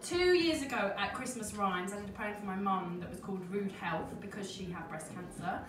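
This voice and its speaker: A woman's voice: medium pitch, fairly quick, slight background noise. A woman in her thirties performing spoken-word comedy on stage at a poetry night, chatty and self-mocking, recorded through a distant stage mic in a roomy venue with the audience audible. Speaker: performance poet.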